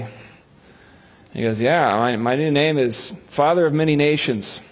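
A man's voice: medium pitch, moderate pace. A male pastor preaching a sermon, telling a Bible story with humor and acting out the voices of its figures.

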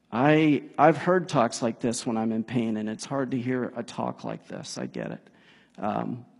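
Husky man preaching in a reverberant hall. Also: fairly high pitch. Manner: casual, animated preaching with rising emphasis. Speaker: pastor. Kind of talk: sermon.

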